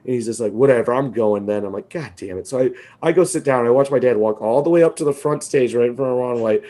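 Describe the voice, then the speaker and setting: Male podcast co-host, mellow and warm in tone, tells stories loosely with lots of swearing and laughter. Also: mid-range voice. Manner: animated, swearing, laughs often, quotes people in quick asides. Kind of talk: casual storytelling chat.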